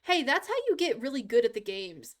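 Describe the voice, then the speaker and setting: A woman's voice: fairly high pitch, sing-song, a little fast. A young woman streaming live from her computer, chatting casually and rambling with frequent giggles as she draws. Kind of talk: casual live-stream chat while drawing.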